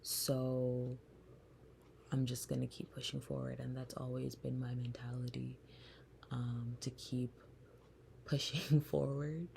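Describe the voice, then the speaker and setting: A woman hosting a podcast, telling a personal story in a soft, slow, reflective way that often turns breathy. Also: a bass voice, level tone, slight background noise. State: close to tears. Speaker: podcast host.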